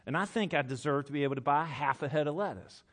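A man voicing an indignant female shopper in a joke, speaking softly but insistently. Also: on the high side, fast.

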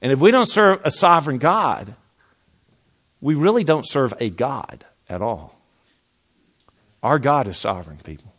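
A man preaching a sermon emphatically, dropping low for weight and restarting with repeated words. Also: big pitch swings, measured pace, long pauses, a bit bright, breathy edge. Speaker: pastor.

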